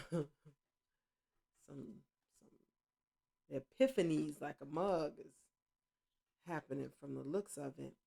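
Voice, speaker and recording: A woman giving a casual tarot reading at home, rambling and correcting herself, with excited exclamations. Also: low-pitched, slow, creaky, pauses often. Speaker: tarot reader.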